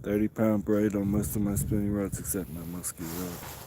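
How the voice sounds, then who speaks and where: A man chatting casually on a fishing livestream from a small boat, relaxed and rambling with frequent chuckles. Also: lowish voice, moderate pace. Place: small boat on a lake outdoors. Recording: wind noise on the mic. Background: wind and water.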